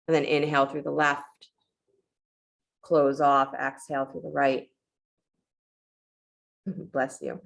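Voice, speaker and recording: A woman leads a yoga class in a low voice with a gravelly edge. She gives calm, encouraging short cues. She also slips into reflective storytelling about letting go. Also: slow pace, pauses often. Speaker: yoga teacher. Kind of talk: guided yoga class instruction.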